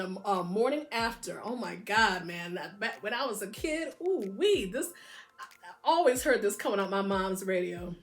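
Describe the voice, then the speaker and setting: A middle-aged woman casually showing off her vinyl singles, enthusiastic and gushing, now and then singing a line along. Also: mid-range voice. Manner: enthusiastic, gushing, breaks into short sung snippets. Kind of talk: casual record show-and-tell.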